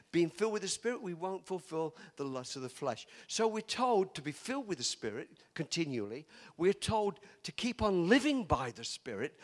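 An older man from England, preaching a chatty sermon full of stories, laughing often and teasing his listeners. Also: a little high.

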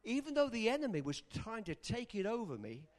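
A man preaching a sermon, animated and bursting into shouts at moments of emphasis. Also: sits high, brisk.

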